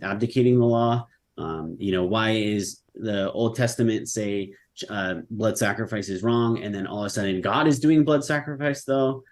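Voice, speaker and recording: A man debating online, talking casually with many pauses, ums and fillers. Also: on the low side, darkish tone. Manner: halting, full of ums and likes.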